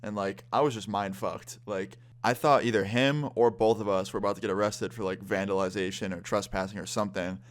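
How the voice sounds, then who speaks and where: A man's voice: fairly low pitch, fairly even intonation, fairly quick, hardly any pauses. A young man telling a casual storytime vlog, swearing freely as he goes. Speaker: vlogger.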